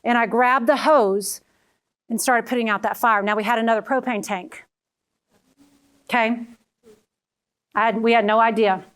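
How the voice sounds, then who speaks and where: A woman's voice: a little high, fairly even intonation, moderate pace, pauses often, a bit bright. A middle-aged woman giving a motivational talk, telling personal stories and calling the audience "friends.". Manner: storytelling, addresses audience as friends. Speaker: keynote speaker.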